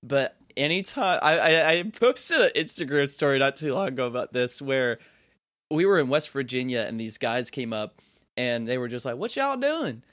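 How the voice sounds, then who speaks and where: A man's voice: medium pitch, moderate pace, fairly bright tone. A young man from North Carolina, co-hosting a casual podcast chat, rambling and laughing often.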